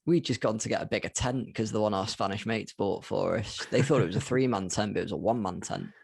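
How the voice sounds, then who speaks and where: Gravelly low man, blunt. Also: fast, darkish tone, no room sound. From Wales. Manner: blunt, swearing, dry storytelling. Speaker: podcast co-host. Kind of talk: casual chat.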